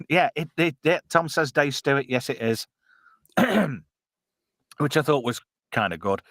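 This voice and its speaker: A man's voice: on the high side, lively intonation, a little slow, fairly bright tone, dry recording, clean studio sound. A man hosting a casual live film watch-along, chatty and jokey with lots of fillers. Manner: chatty, jokey, filler-heavy, reads chat aloud. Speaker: podcast host watching a film with chat.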